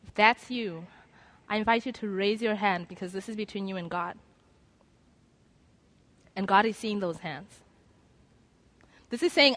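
A woman's voice: mid-range voice, a little slow, long pauses, fairly bright tone. A woman preaching a sermon to a gathered audience, earnest and conversational, acting out inner voices as she makes an appeal. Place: lecture room before an audience.

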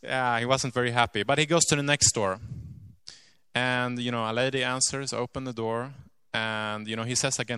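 A man telling a story in a sermon, earnest and dotted with "you know", sinking to a hush at grave moments. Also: medium pitch, steady tone, normal speed, clean tone, no echo. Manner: drops to a hushed voice at grave moments.

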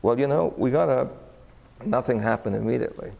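In a large hall, a man with a medium-pitched, slightly fast voice and some vocal fry delivers sermon stories. He is animated, and his pitch shoots up whenever he voices the characters and their exclamations.

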